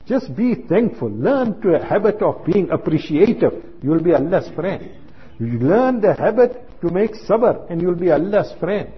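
A man's voice: sits high, sing-song, moderate pace, husky. A man preaching a sermon, telling anecdotes and acting out the dialogue. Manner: storytelling, acts out quoted dialogue. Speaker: Islamic preacher. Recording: muffled lo-fi recording.

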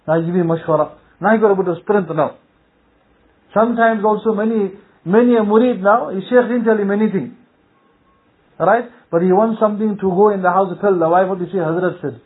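A man's voice: high-pitched, fairly quick. A man giving a sermon as an Islamic scholar, telling anecdotes with humor and quoted dialogue. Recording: tinny phone-like recording.

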